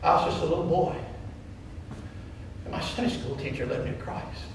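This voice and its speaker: A man's voice: fairly high pitch, moderate pace, background noise. A man from Wyoming preaching a sermon as a pastor, telling a story with passion and acting out other people's words. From Wyoming, United States. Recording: echoey hall from far off.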